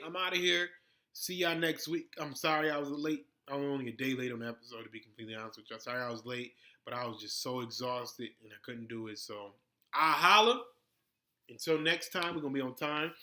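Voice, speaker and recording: A man's voice: mid-range voice, steady tone, fast, sharp tone. A man hosting a casual vlog, ranting bluntly in slangy, profane talk. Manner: heated during the rant, laid-back in the sign-off. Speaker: vlog host.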